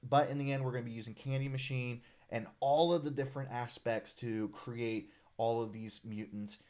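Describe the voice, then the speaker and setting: A man hosting a casual live stream, chatting loosely with many fillers and reading viewer comments. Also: medium pitch. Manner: relaxed, friendly, many "uh"s, reads viewer comments aloud. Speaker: live stream host, designer of a character art project.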